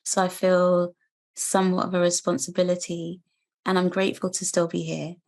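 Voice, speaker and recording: A British woman in her thirties, a guest telling her own story in an earnest, measured, reflective way. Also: on the low side, flat delivery, darkish tone. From United Kingdom. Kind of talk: personal testimony interview.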